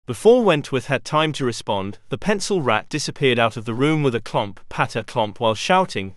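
Lively male storybook narrator. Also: mid-range voice, normal speed, hardly any pauses, no room sound, clean studio sound. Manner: expressive reading.

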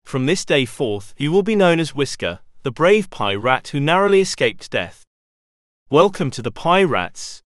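A man voicing a gruff animal pirate captain. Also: fairly high pitch, big pitch swings, unhurried, dry recording, studio quality. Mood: resolute. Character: stern but protective male animal pirate captain.

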